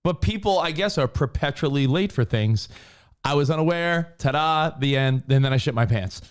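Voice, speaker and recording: A man co-hosting a talk show, chatting casually and acting out quotes in high voices. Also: normal speed, smooth. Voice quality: animated storyteller, acts out quotes in high voices. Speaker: radio show co-host. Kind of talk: casual banter.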